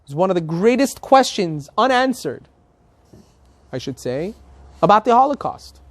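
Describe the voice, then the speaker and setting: A man's voice: high voice, very animated, measured pace, no room sound. A male rabbi preaching a sermon and telling a story, emphatic and building to passionate appeals.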